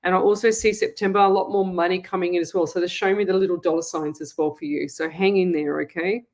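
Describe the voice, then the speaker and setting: A woman from Australia hosting a live psychic show, reading viewer comments aloud and exclaiming excitedly, with frequent laughs and affectionate asides. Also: on the low side, quick pace.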